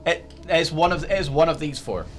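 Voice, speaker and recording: A man's voice: on the high side, fairly quick, faint music behind. A man hosting a quiz game on a livestream, teasing and jokey, stumbling over his words as he talks. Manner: teasing and jokey, with many stammered restarts. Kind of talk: playful casual quiz hosting.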